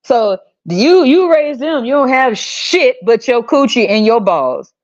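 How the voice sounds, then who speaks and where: A woman hosting a podcast, ranting bluntly and profanely with exasperated, sudden high-pitched outbursts. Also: very animated, unhurried, lo-fi sound. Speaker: podcast host. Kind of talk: opinionated rant.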